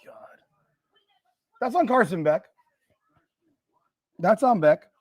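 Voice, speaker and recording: A man hosting a live watch party, reacting loudly and profanely to a football game and arguing with the chat. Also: high-pitched, slow pace. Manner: excitable, profane, argues with chat and the broadcast.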